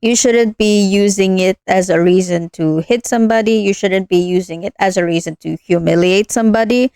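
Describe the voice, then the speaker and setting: A woman's voice: medium pitch, moderate pace, darkish tone, clear, resonant tone, no echo. A young woman streaming a story game, ranting earnestly between lines with lots of fillers. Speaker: streamer playing a visual novel. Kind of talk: casual gameplay commentary.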